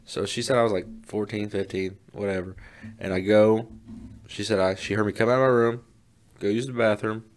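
Male podcast co-host, low voice, relaxed and jokey, easy casual banter. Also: fairly quick. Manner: laid-back, laughs often, swears casually. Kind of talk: casual chat.

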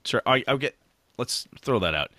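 A man co-hosting a podcast, chatting casually about tabletop gaming in a rambling, animated way with casual swearing. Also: medium pitch, moderate pace, no room sound. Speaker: podcast co-host.

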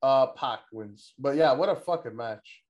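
A man's voice: mid-range voice, a little slow, muffled recording. A young man co-hosting a casual wrestling recap chat, rambling and swearing, laughing often and mimicking wrestlers. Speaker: podcast co-host.

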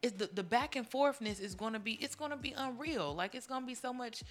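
A woman's voice: on the high side, a little fast. A young woman co-hosting a casual, frank chat, talking animatedly and acting out what partners say. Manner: animated, acts out quoted partners. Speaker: podcast co-host.

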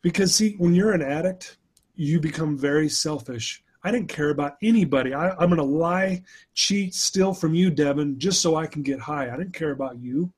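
A man's voice: a little high, normal speed, breathy edge. A middle-aged man, a podcast guest, telling a personal story in an earnest, emotional way, often restarting his sentences.

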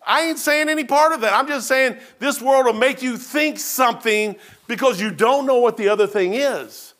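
A man's voice: extremely high pitch, moderate pace, fairly bright tone. A man preaching a sermon in a church, telling folksy, self-deprecating stories with humor. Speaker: pastor.

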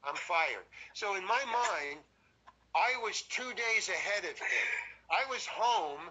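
An older man recounts an anecdote in a loose, animated way, cursing casually as he goes. His voice sits high and sounds very bright, with a husky grain underneath. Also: slow pace, rough recording. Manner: animated storyteller who swears freely. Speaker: guest.

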